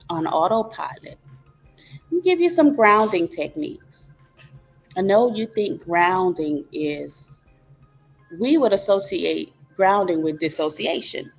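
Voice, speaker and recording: A woman hosting a reflective wellness talk, calmly teaching and walking through steps with rhetorical questions. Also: mid-range voice, vocal fry. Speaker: host.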